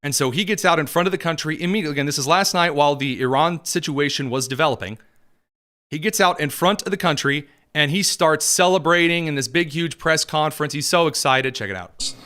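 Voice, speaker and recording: Bright, sarcastic male commentator. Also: a little high, fairly quick. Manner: sarcastic, mocking, animated. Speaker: podcast host. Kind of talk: political commentary.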